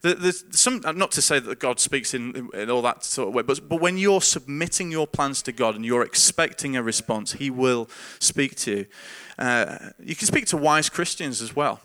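A man's voice: medium pitch, expressive, normal speed, hardly any pauses, sharp tone. A man who is a pastor, giving an earnest, informal sermon with frequent repeated words and chuckles. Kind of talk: conversational sermon.

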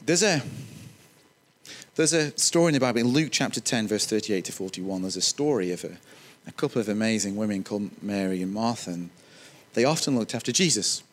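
A man preaching a sermon, animated, with joking, self-deprecating asides. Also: fairly low pitch, fairly quick.

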